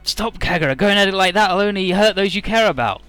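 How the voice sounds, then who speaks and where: A man's voice: sits high, expressive, brisk, pushed and bright, clear, resonant tone, dry recording, faint music behind, voice pushed up. A man reading aloud the lines of an earnest young male hero in a game, raising his voice a little.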